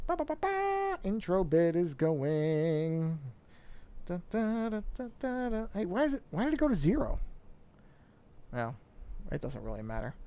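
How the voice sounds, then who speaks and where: A man's voice: fairly high pitch, vocal fry, darkish tone. A man streaming a drawing session, chatting casually and rambling to himself, correcting himself as he works. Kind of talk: casual livestream talk while drawing.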